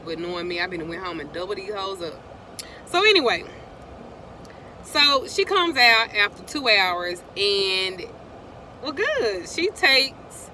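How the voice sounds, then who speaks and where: A middle-aged woman tells a rambling story straight to her viewers, breaking off now and then to greet them. Her voice sounds bright, and faint traffic hums in the background. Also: medium pitch. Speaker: vlogger.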